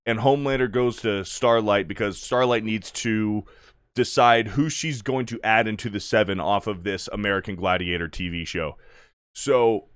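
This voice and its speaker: A man's voice: fairly low pitch, normal speed, fairly bright tone, clear, resonant tone, dry recording, studio quality. A man recapping TV episodes in a casual, rambling and profane way, full of "like". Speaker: video reviewer.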